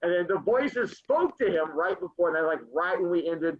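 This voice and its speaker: Over a video call, a male teacher reads a story to his class, pausing for playful jokes with the students. His high voice is expressive, swooping widely, at a moderate pace with few pauses. The call audio is muffled, dull and lo-fi, with background noise.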